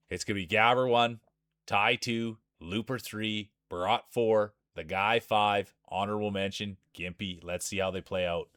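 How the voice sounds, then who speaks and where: Guy doing hype marble race calls on stream, lowish voice, dry close sound. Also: fairly even intonation, moderate pace, fairly bright tone, dry recording. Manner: hyped sports-announcer cadence, chatty asides. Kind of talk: live marble race commentary.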